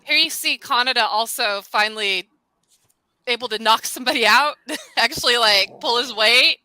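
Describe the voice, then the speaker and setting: A woman's voice: a little high, moderate pace, sharp tone, no room sound, poor audio. A woman in a casual read-along chat, explaining plot points and laughing easily.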